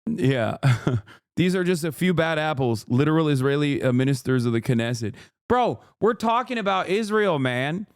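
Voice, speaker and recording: A man's voice: on the high side, animated, normal speed, clean tone, no room sound, clean studio sound. Heated, profane man ranting on stream. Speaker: livestreamer. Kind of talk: casual political commentary rant.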